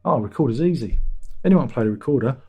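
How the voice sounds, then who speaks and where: A man's voice: mid-range voice, expressive, fast, highs cut off, very noisy. A middle-aged British man hosting a livestream, casually answering viewer chat with dry jokes and chuckles. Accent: British English. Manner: chatty, dry jokey asides, chuckles. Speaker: livestream host reading chat.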